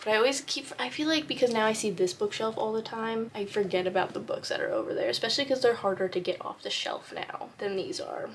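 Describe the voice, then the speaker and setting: Chatty young woman with a gravelly edge. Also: medium pitch, a little hiss or hum. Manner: chatty, rambling, self-correcting. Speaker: book vlogger. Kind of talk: casual chat. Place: home room by bookshelves.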